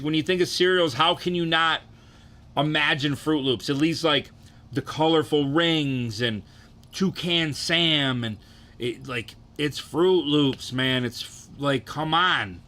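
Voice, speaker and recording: A man's voice: a little high, expressive, slow pace, pushed and bright. A young man ranking cereals in a casual, profane, rambling way, getting worked up and restarting his sentences.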